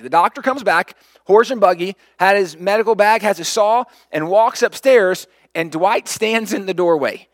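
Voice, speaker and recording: A pastor preaching, telling a story with lively, acted-out quotes. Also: male voice, sits high, moderate pace, dry recording, studio quality. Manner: animated storyteller, acts out quoted lines. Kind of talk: sermon storytelling.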